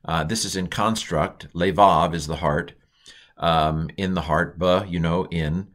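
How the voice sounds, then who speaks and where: Low-voiced man teaching a casual lesson. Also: steady tone, fairly bright tone. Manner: casual, thinking aloud with many fillers and restarts; slows and stretches words when pronouncing Hebrew. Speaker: Hebrew teacher. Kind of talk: informal recorded language lesson.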